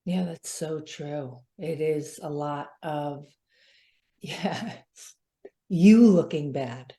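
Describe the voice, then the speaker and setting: A woman co-hosting a podcast, agreeing emphatically in relaxed, reflective conversation. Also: sits low, very slow. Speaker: podcast co-host. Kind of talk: reflective casual chat.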